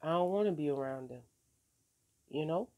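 A woman's voice: sits low, expressive, moderate pace, a little mellow. A woman talking in a casual faith-filled vlog, laid-back and streetwise, swearing casually and encouraging viewers while often repeating "you know what I'm saying.". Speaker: vlogger.

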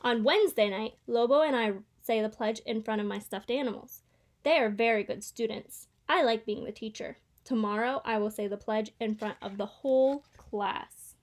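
A woman reading a children's picture book aloud in a steady, clear storytelling way. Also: a little high, normal speed. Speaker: reader.

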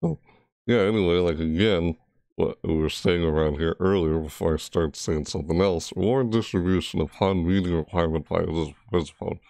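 A man's voice: low voice, a little fast, creaky, darkish tone, dry recording. A man giving casual, rambling commentary while playing a video game, often correcting himself and reading game text aloud. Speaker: gaming YouTuber.

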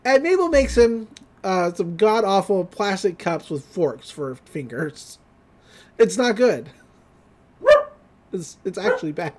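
A podcast host giving a casual, giggly recap of a cartoon episode, retelling scenes in an animated way. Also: mid-range voice, slow pace, long pauses, slight background noise.

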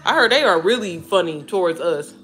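A woman in her thirties chatting casually to her viewers, animated and talkative, calling them girl and baby. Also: fairly low pitch, brisk, soft background music. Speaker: vlogger talking to viewers while cooking. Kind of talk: casual chat.

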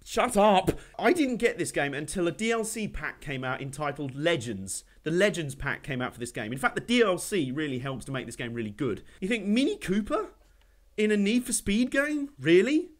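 A man hosting a gaming channel, giving animated, jokey commentary over a racing game he is playing. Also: a little high, brisk. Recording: game car noise under voice. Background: racing game engine noise.

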